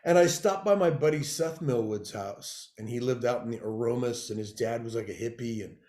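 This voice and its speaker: A man's voice: medium pitch, brisk. A middle-aged man from California, a guest telling stories in a casual interview and acting out the people he quotes. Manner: animated storyteller who acts out quoted people. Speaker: guest, TV showrunner and actor. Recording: roomy echoey room sound.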